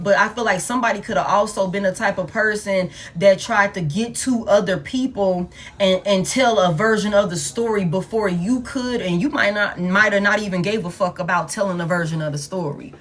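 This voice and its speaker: A woman's voice: mid-range voice, a bit bright. A woman giving a casual tarot reading, blunt and profane, talking straight to the viewer. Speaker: tarot reader.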